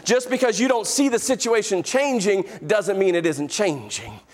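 A man preaching a sermon as pastor, emphatic, slowing down to stress key phrases and calling out to the congregation. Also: sits high, animated. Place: church sanctuary.

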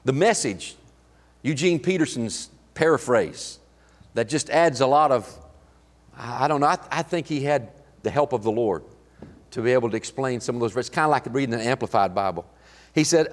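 A man preaching a sermon, telling folksy stories in a halting way with many restarts. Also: mid-range voice, expressive, big-room sound. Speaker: pastor. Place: church sanctuary.

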